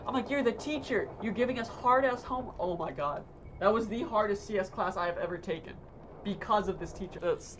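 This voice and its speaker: A young adult streamer chats casually while playing a game. The talk rambles, restarts and swears, stacked with fillers. The voice sits at a middling pitch over a faint room hum. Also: fairly bright tone. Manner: rambling, profane storytelling full of fillers. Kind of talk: casual chat while gaming.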